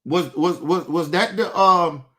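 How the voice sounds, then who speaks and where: A man's voice: sits high, measured pace, pushed and bright. A man hosting a livestream, delivering a heated, profane rant full of restarts and repeated phrases. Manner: combative, profane, repeats himself. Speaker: livestream host.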